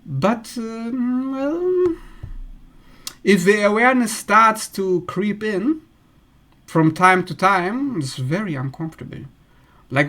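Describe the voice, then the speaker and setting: Man, somewhat high voice, blunt casual monologue, astrology host. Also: expressive, a little slow, fairly bright tone. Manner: blunt, acts out quoted people in raised voice.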